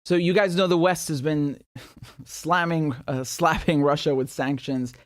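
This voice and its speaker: A man's voice: on the high side, fairly even intonation, unhurried, no room sound. Chatty man hosting a livestream, dry sound. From Syria. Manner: chatty, laughs often, many fillers and restarts. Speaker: political commentary host. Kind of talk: casual livestream commentary.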